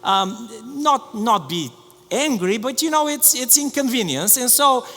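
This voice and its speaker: Male pastor, high voice, animated storyteller, long hall reverb. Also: a little slow, vocal fry. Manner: storytelling, animated with many restarts. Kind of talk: sermon. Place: church sanctuary.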